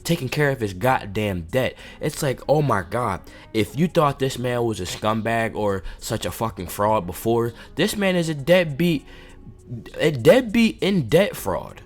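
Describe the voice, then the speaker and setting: A man's voice: medium pitch, lively intonation, unhurried. A man hosting a commentary video, a father speaking in a heated, indignant rant. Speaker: commentary channel host. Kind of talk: reaction commentary. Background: faint background music.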